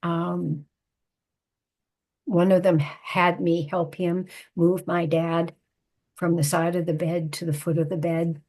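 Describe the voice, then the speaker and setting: Husky-voiced older woman telling a story. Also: lowish voice, level tone, a little mellow. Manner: measured, reflective storytelling. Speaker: guest, psychotherapist and author. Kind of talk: personal storytelling in conversation.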